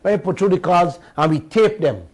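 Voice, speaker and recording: A man with a Guyanese accent hosting a radio talk show, telling stories in an animated, indignant way and repeating himself. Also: high-pitched, fairly quick, rough recording. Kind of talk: heated talk radio monologue.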